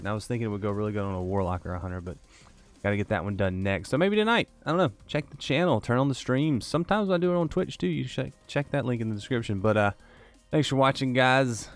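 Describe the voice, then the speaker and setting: A tired man giving rambling, joking commentary to himself while playing a video game. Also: mid-range voice. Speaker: gaming YouTuber. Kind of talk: casual gameplay commentary.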